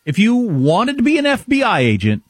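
A husky man co-hosts a radio talk show, spinning wry, mocking anecdotes. His pitch sits fairly high and moves animatedly. The sound is dry and close from a studio mic. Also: wildly swooping pitch, brisk, no echo. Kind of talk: casual banter on talk radio.

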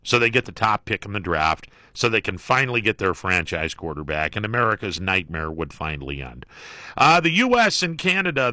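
A middle-aged or older radio talk show host runs a call-in program, reading out poll results with wry jokes and frequent fillers. His mid-range voice is bright and forceful, captured cleanly on a studio microphone with no echo.

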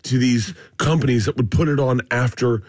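A man's voice: medium pitch, normal speed, no room sound, clean studio sound. A man telling stories in casual chat on a radio show, acting out quotes as he goes. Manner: animated storytelling with acted quotes. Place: radio studio.

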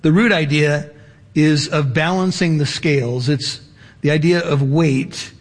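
A pastor giving a Bible teaching sermon, explaining words carefully and spelling out key terms. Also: male voice, on the high side, fairly even intonation, a little slow, long reverb tail.

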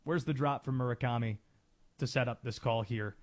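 A man's voice: mid-range voice, moderate pace. A man hosting sports talk radio from a studio, driving his points home with rhetorical questions.

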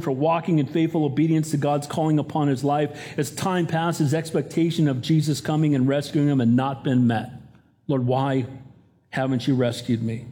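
A man's voice: fairly high pitch, warm tone. A pastor in his fifties or older preaching a sermon, earnest and emphatic, rising to urgent appeals.

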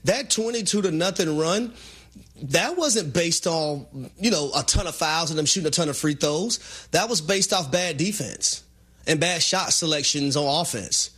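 Sports talk co-host, kinda husky and a bit high, walks through the stats calmly. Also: male voice, moderate pace. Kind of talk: sports analysis chat.

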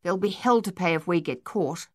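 A woman's voice: fairly low pitch, fairly quick, a little mellow, dry recording, clean studio sound, lightly acted. A woman doing a testy soldier sergeant. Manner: testy, urgent. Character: testy male sergeant, cautious.

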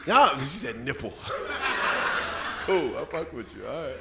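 A man's voice: medium pitch, sing-song, measured pace, gravelly. A man in his thirties performing a stand-up comedy set, chatting with the crowd and dropping frequent asides. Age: 30s. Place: comedy club stage. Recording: echoey club with background noise.

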